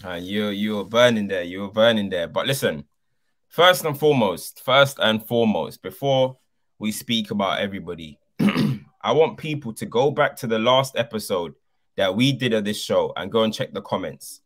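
Animated, emphatic man ranting about football. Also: lowish voice, moderate pace. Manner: animated, emphatic, repeats points for effect. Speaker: football podcast co-host. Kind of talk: passionate football debate.

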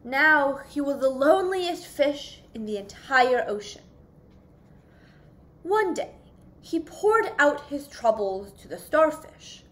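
A young woman reading a children's picture book aloud in a slow, expressive, sing-song storytelling voice. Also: sits high. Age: young adult. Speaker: youth volunteer reading aloud.

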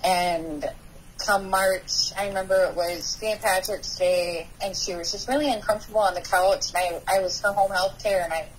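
Woman telling a hard story haltingly. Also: mid-range voice, steady tone, a little hiss or hum, poor audio. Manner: halting, with frequent restarts and pauses. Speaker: podcast guest sharing recovery story. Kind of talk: personal storytelling interview.

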